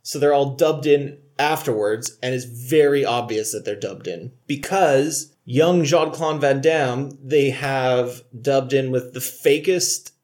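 A man's voice: medium pitch, takes it slowly, few pauses, darkish tone. A man co-hosting a casual comedic movie review chat, laughing often and joking in mock courtroom banter. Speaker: podcast co-host.

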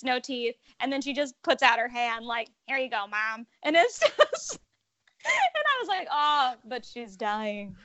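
A woman's voice: high-pitched, sharp tone, dry recording. A woman co-hosting a casual movie podcast, chatty and blunt, laughing often as she talks. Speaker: podcast co-host.

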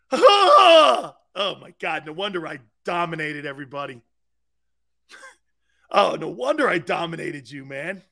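Loud middle-aged sports show guy, kinda high and gravelly, laughs a lot, yells and does mocking voices. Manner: boisterous, laughing, shouting, mocking impressions. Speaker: sports talk show host. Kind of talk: loud live-stream sports talk.

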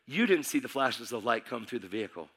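A man's voice: medium pitch, lively intonation, brisk, fairly bright tone, slightly rough. A man preaching, telling his life story in an urgent, vivid way. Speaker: preacher giving testimony. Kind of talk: sermon testimony.

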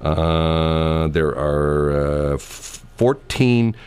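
Middle-aged guy hosting morning radio, rambly and laughing, really low voice. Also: expressive, very slow, a little mellow, clean tone. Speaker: radio morning show host. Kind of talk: casual chat on morning radio. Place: radio studio.

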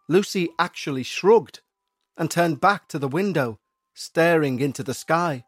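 A man in measured, scripted narration of a listener's eerie story. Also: on the high side, no room sound, faint music behind.

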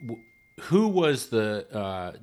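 Slow, hesitant male interviewer. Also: fairly low pitch, big pitch swings, darkish tone. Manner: hesitant, restarting questions.

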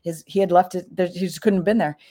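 Chatty middle-aged woman, low voice. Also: steady tone, quick pace, warm tone. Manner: chatty, full of "like" fillers, acts out quoted lines with big pitch jumps. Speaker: storyteller. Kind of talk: casual personal storytelling.

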